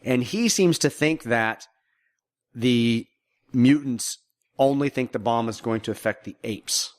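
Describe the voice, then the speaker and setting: Podcast co-host, male, mid-range voice; casual and animated movie talk with quick restarts. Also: medium pitch. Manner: animated, repeats words when starting thoughts.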